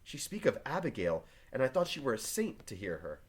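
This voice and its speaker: A man voicing Elizabeth Proctor, a reserved farm wife, read quietly and plainly from a play. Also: medium pitch, wildly swooping pitch, fairly quick, breathy edge. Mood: guarded. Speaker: teacher reading a play aloud. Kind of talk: reading play aloud to a class.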